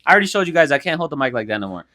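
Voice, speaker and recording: A young man with a medium-pitched voice talks rapid-fire as co-host of a casual podcast, handheld mic in hand. He's an animated storyteller who swears a lot and acts out every scene.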